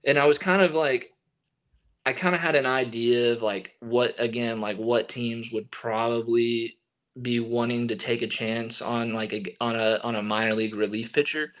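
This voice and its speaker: A man's voice: mid-range voice, moderate pace. Young man telling a story casually. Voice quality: relaxed, filler-heavy with many likes and restarts. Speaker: guest, baseball relief pitcher.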